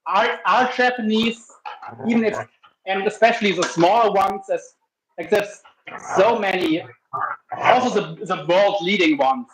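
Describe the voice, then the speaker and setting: Man, high pitched, rambling chat while cooking, roomy noisy recording, dog nearby. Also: unhurried. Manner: rambling, restarts sentences. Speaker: livestream host. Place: home kitchen.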